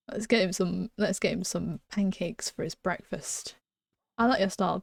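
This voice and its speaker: A young woman chatting casually while streaming a game at home, giggling and often dropping to a hushed whisper. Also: fairly low pitch, measured pace, gravelly, pauses often, dry recording, clean studio sound. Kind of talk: casual live-stream chat. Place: small room at home.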